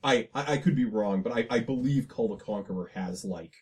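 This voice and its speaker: A man's voice: medium pitch, a little fast, darkish tone. A man co-hosting a podcast, rambling casually about a movie with plenty of fillers and restarts. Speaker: podcast co-host.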